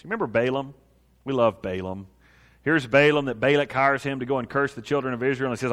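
Animated preacher in a reverberant hall. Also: male voice, fairly quick. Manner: animated storytelling, acting out biblical figures in a lowered voice. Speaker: pastor. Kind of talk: sermon.

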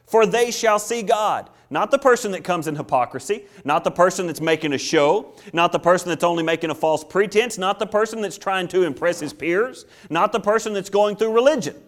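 A man's voice: high voice, animated, fairly quick, few pauses. A male pastor preaching a sermon with an emphatic, repetitive cadence.

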